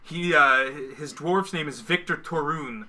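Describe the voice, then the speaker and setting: During a laid-back livestream where two hosts share a single mic and paint miniatures, this male co-host jokes and wanders off mid-sentence. His voice is fairly high, pushed and bright, and he takes his time.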